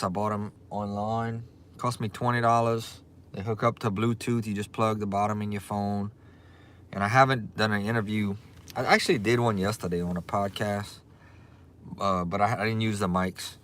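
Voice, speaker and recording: A man's voice: fairly low pitch, a bit bright. A man vlogging in a casual, rambling way about his recording gear, with restarts and fillers. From southern United States.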